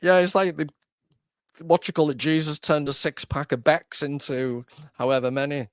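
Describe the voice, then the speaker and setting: A man's voice: fairly high pitch, fairly even intonation, normal speed, no echo, clean studio sound. A man hosting a podcast, chatting casually in a wry, joking, rambling way. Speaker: podcast host. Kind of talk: casual conversation.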